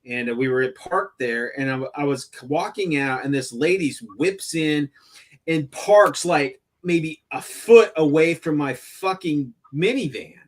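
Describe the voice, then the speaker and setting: A man on a casual live stream tells a story with plenty of swearing. His voice sits somewhat high, and he throws himself into the angry lines he quotes. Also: a little slow. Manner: profane, animated, acts out angry quotes. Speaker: stream host.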